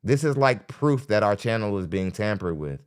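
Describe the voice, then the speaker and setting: A man's voice: on the low side, expressive, normal speed, clear, resonant tone. A man hosting a live podcast, giving skeptical, rambling reaction commentary with frequent restarts. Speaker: podcast host.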